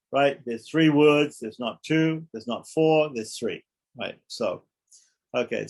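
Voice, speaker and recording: A man teaching a scripture study class, explaining carefully, repeating points and often checking that listeners follow. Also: medium pitch.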